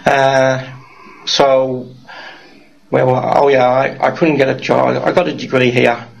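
A man's voice: medium pitch, flat delivery, measured pace, creaky, rough recording. A middle-aged man with a mixed Birmingham and Geordie accent, rambling through his life story in an interview and often ending with tag questions. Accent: mixed Birmingham, Geordie and Welsh. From Wales, raised in Birmingham.

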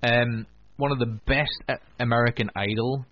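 A man's voice: mid-range voice, steady tone, moderate pace. A man hosting a radio talk show, chatting casually with lots of restarts and fillers. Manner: rambling, many restarts and fillers. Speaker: radio host. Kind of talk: casual chat. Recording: dull lo-fi recording.

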